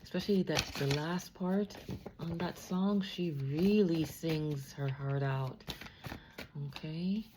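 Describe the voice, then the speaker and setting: A woman's voice: deep voice, takes it slowly, noisy background. A woman giving a tarot reading alone, emotional and prone to repeating her phrases. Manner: emotional, repeats phrases, drifts into soft sung lines. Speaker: tarot reader.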